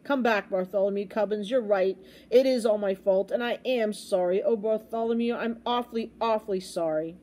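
Woman reads as boastful old storybook king, booming commands, mellow tone. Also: moderate pace, close to an everyday voice. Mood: remorseful. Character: old proud king, blustering then remorseful.

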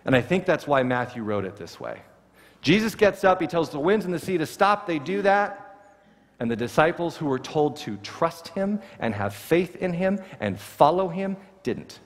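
Expressive male pastor in an echoing hall. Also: on the high side, normal speed. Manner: expressive, voices Jesus' words with rising emphasis. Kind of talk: sermon. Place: church sanctuary.

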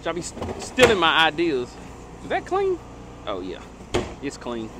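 In a casual on-the-job vlog, a trash can cleaning business owner cleans cans outdoors near a house and street, addressing the camera loudly and jokingly with frequent shouts and exclamations. His voice is a little high and a little slow, with huge pitch swings. He's recorded via a small clip-on mic and phone camera, with street noise behind.

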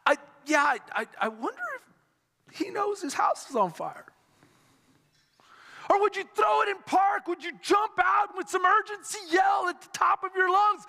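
A male pastor preaching an impassioned sermon, telling stories dramatically and shouting at the high points. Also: moderate pace, creaky, big-room sound.

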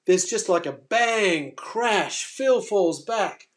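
A man hosting a fishing live stream, telling a story casually and with energy, stumbling and restarting, then trailing off quietly. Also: sits high, expressive, slow. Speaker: fishing coach and channel host.

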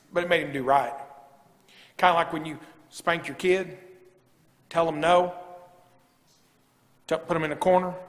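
A man's voice: on the high side, pushed and bright. A man preaching a sermon as a pastor, folksy and rising to emphatic preaching. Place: church sanctuary. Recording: long church reverb.

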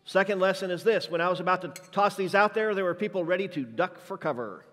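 A man's voice: sits high, quick pace, fairly bright tone. A man preaching a church sermon as a guest juggler, playful and jokey, working the crowd with energy. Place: church sanctuary. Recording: reverberant church hall.

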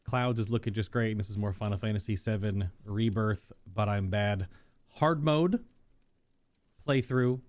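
A man's voice: on the low side, a little slow, a little mellow. A man hosting a casual let's-play, talking enthusiastically and rambling as he plays. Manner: enthusiastic, rambling, laughs often. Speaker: gaming channel host.

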